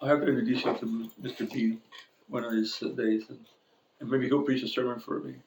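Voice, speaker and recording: A man's voice: mid-range voice, flat delivery, a little fast, gravelly, noisy background. Male pastor, mid-range voice, humorous storytelling sermon, church room echo. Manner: joking, chuckles at his own stories. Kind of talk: sermon with personal anecdotes. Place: church sanctuary.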